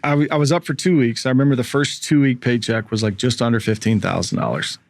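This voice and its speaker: A man's voice: medium pitch, fast, creaky, no room sound. Guy around 40 spinning a story, acts out the people in it, dry close mic. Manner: animated storyteller, acts out quoted voices. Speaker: guest, former pro baseball pitcher. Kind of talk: casual storytelling interview.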